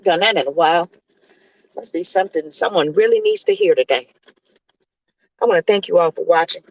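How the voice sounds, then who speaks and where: A woman's voice: fairly low pitch, fairly quick, no echo. Woman preacher hollering at her viewers, big swings up and down, dry dull lo-fi sound. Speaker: host and coach preacher.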